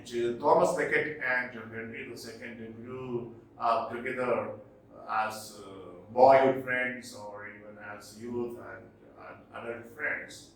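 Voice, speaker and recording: Echoey teacher lecturing from afar. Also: male voice, medium pitch, a bit bright, slight background noise. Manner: explanatory, repeats key points for exams. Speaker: English literature teacher. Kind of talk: classroom lecture. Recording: echoey room, voice from a distance.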